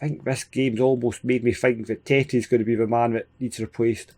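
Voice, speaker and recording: A Scottish man hosting a gaming video, giving casual, excitable play-by-play with frequent chuckles. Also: medium pitch, moderate pace. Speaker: gaming channel host. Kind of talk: casual let's-play commentary.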